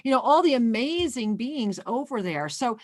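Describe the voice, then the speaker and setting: A woman hosts a spiritual call-in radio show, pouring affection over her callers and calling them sweetheart. Her voice sits on the high side and sounds dry and close, with no room around it. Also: expressive, moderate pace, no room sound.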